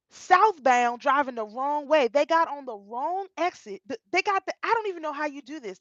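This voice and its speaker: A middle-aged woman vlogger telling a personal story in a casual, animated way, often repeating and restarting her phrases. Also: fairly high pitch, no echo. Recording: dull, dry lo-fi sound.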